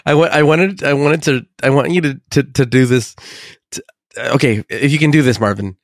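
A man co-hosting a podcast, recapping an episode in animated, profane casual chat. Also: mid-range voice, moderate pace, dry recording, clean studio sound. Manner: profane, animated storytelling with restarts. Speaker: podcast co-host.

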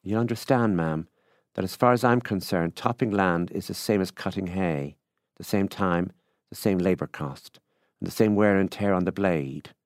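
A man's voice: sits low, moderate pace, no room sound, studio quality. A man reading a literary story, voicing a wheedling middle-aged Irish country farmer in an affable, folksy way. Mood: coaxing.

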